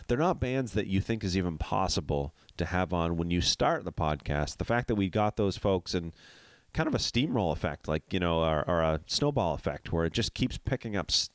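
A man's voice: low voice, no echo. A man co-hosting a podcast in casual chat, sounding stuffy and nasal from a cold, talking candidly and with enthusiasm. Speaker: podcast co-host.

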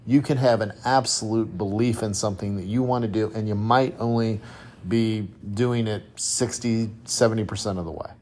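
A man's voice: fairly low pitch, fairly even intonation, moderate pace, a little mellow. A man hosting a solo motivational podcast, talking reflectively and conversationally with rhetorical questions and frequent restarts. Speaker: podcast host.

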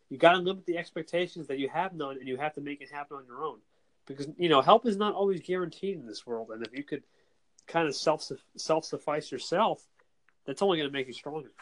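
A man's voice: fairly high pitch, a bit bright. A man with a Northeastern US accent, calling in to a casual podcast chat, talking earnestly and repeating himself. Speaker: guest caller.

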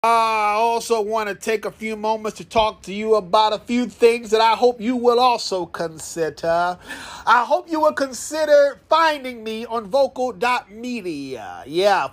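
A man hosting a solo podcast, his voice leaping up and down in a lively, sing-song way. He talks straight to his listeners like a playful pitchman, mixing casual asides with excited pushes. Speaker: podcast host.

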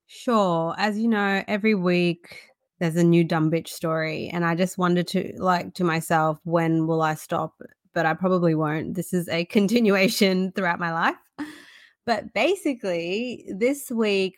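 A woman, co-hosting a podcast and telling stories in a lively way, laughing often. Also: fairly low pitch, measured pace, dry recording, studio quality. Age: 30s. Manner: animated storyteller, acts out quotes, laughs often. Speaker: podcast co-host. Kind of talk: casual chat.

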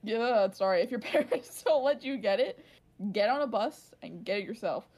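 A woman's voice: medium pitch, animated, moderate pace, a little mellow. A woman in her twenties co-hosting a podcast in casual chat, rambling and filling her sentences with "like". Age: 20s. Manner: rambling, leaning heavily on "like". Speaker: podcast co-host.

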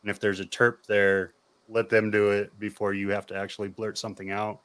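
An American man talking as a guest on a casual podcast. His voice is lowish and smooth, and he explains things earnestly with plenty of fillers. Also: completely flat delivery, fairly quick, a bit bright. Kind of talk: casual conversation.

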